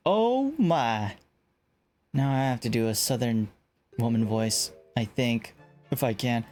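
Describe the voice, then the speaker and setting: A man's voice: mid-range voice, flat delivery, normal speed, darkish tone, soft background music. A man reading a visual novel aloud and making self-mocking jokes about his own reading. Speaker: let's play narrator. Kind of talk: casual game commentary.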